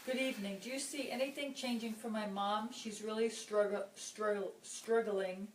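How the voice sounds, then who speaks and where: A woman's voice: mid-range voice, fairly even intonation, normal speed. Woman, reads viewer questions aloud, plain delivery, distant from mic, echoey room, faint noise.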